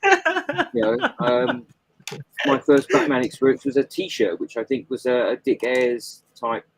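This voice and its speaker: A man's voice: medium pitch, sing-song, measured pace, gravelly, slightly rough, rough recording. A man, a comics creator, talking as a guest in a casual podcast chat, rambling with fillers and restarts.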